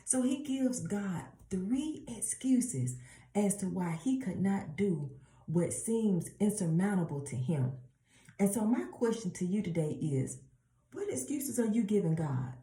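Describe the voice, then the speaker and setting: Woman, casual Bible teacher, deep dark tone, lively storytelling, roomy sound. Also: a little slow. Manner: animated storytelling, addresses listeners as y'all. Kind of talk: casual preaching. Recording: roomy echo.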